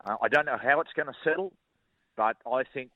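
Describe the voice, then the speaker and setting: A man's voice: medium pitch, brisk, no room sound. Chuckling Australian man telling a yarn. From Newcastle, Australia. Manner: colloquial and chuckling, stumbles and repeats words. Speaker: guest, former rugby league player. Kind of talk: casual radio interview storytelling. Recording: dull, muffled broadcast audio.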